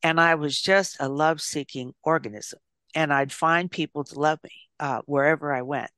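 A woman's voice: low-pitched, fairly even intonation, normal speed, dry recording, clean studio sound. Older woman telling stories thoughtfully. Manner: thoughtful storyteller with gentle restarts. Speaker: author and psychologist guest. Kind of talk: reflective interview conversation.

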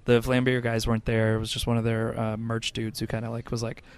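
Man, co-host, casual game chat, smooth clear voice, rambling with fillers. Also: medium pitch, monotone, fast talker. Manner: rambling, with many fillers and restarts. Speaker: podcast co-host. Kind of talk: casual chat about games.

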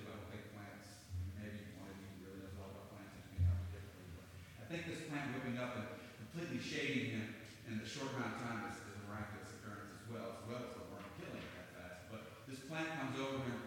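A man's voice: medium pitch, sharp tone, slight background noise. A male pastor preaching an emphatic, repetitive sermon with frequent restarts. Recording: long church reverb, level drops far from mic.

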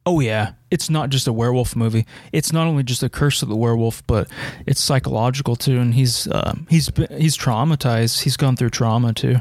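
A man's voice: medium pitch, a little fast, darkish tone, no room sound. An American man co-hosting a casual movie podcast, easygoing, with lots of ums and laughs. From United States. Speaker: podcast co-host.

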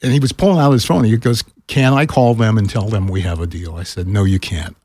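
A man's voice: a little fast, husky. An older man, a retired broadcaster, telling a story in a casual chat on a podcast and acting out the other voices. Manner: animated, acts out quoted voices with pitch jumps.

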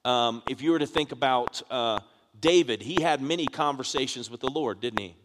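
A man's voice: medium pitch, moderate pace. A man, a pastor, preaching a sermon and asking the congregation questions as his delivery builds in force. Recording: echoey hall with background noise.

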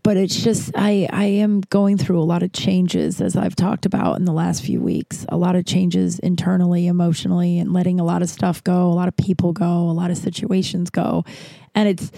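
A woman's voice: lowish voice, creaky, warm tone, dry recording. A woman in her forties telling a personal story in a candid, profane, rambling way, with many restarts.

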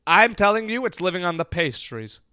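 Comedy podcast man, excitable improviser, slightly high voice, dry close sound. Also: moderate pace, no echo. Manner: excitable, jumps to wild theories.

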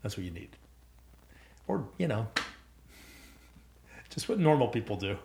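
A man's voice: medium pitch, very animated, unhurried, gravelly, roomy sound, background noise. A man co-hosting a church podcast, chatting casually, teasing his co-host and laughing often. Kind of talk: casual chat.

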